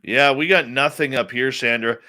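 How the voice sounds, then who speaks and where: A middle-aged man hosts a live show in a loose, casual way. His voice is bright and forceful at a middling pitch. He greets viewers by name and rants bluntly. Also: normal speed. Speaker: radio show host. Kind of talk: casual live-stream chat.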